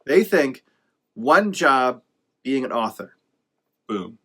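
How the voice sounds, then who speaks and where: A man's voice: mid-range voice, big pitch swings, takes it slowly, a bit bright, husky. A man giving casual motivational advice to writers, rambling and correcting himself as he goes, emphatic and encouraging with sarcastic asides. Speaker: author giving writing advice.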